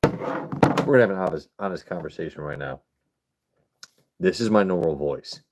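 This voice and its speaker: A man's voice: sits low, expressive, moderate pace, very noisy. A man hosting a casual livestream, rambling and swearing as he chats with his viewers. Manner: rambling, profane, chatting with viewers. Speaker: livestream host.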